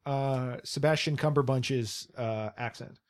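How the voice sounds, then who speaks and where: A man's voice: medium pitch, measured pace. Hesitant man in a casual podcast chat. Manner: hesitant, many fillers and restarts.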